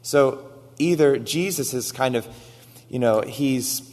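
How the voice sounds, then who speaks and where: A man preaching a sermon, retelling stories with animated quoted lines and frequent "right?" asides. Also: mid-range voice, takes it slowly, long reverb tail. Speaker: pastor.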